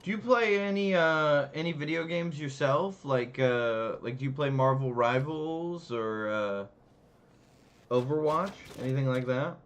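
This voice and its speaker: A man's voice: fairly high pitch, measured pace, lo-fi sound. An English-speaking man casually chatting while streaming a strategy game, self-deprecating and fumbling over French words again and again. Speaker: gameplay streamer. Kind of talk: casual gameplay commentary.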